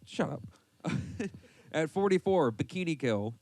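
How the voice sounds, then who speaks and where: A man's voice: fairly high pitch, expressive, slow, a little mellow, no room sound. A man hosting a casual podcast, reading a list aloud and mocking it with swearing and laughter. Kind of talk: casual banter with heavy swearing.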